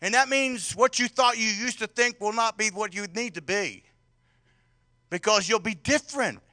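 A male pastor preaching with a high, bright, ringing voice. He talks to the congregation conversationally, throwing questions at them, and swings from loud outbursts to quiet, intimate stretches. The sound is close and dry. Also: moderate pace, dry recording. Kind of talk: sermon.

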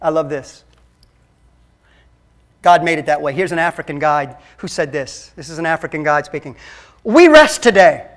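A man preaching a sermon as a pastor, emphatic and swinging between loud and hushed. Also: a little high, fairly even intonation, moderate pace, pauses often.

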